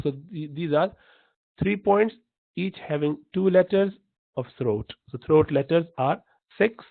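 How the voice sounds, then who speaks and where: A man teaching pronunciation in a slow, patient lesson, repeating each sound to demonstrate it. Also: a little high, lively intonation, creaky, dry recording. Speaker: Quran recitation teacher. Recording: dry, tinny phone-like line.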